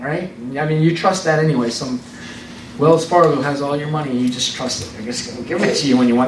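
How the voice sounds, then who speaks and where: A man preaching an informal, animated sermon in a conversational way, repeating words for emphasis. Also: high-pitched, far from the mic, slight background noise. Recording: roomy sound from off the mic.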